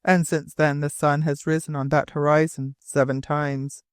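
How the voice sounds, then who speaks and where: A man reading the part of a rough frontier sailor who speaks in broken, repetitive, emphatic phrases. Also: fairly high pitch, flat delivery, normal speed, dry recording, clean studio sound, natural voice. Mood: insistent. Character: rough, halting old frontier sailor, insistent.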